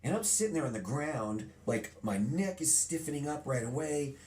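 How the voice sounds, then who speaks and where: A middle-aged man being interviewed, telling a childhood story in a lively storytelling way and acting out remembered lines. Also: a little high, moderate pace. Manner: animated storyteller, acts out quotes. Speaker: guest.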